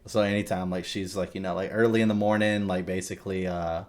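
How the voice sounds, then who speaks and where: A young adult man chatting casually on a podcast, telling animated stories and swearing freely. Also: deep voice, fast. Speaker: podcast co-host. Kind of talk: casual chat.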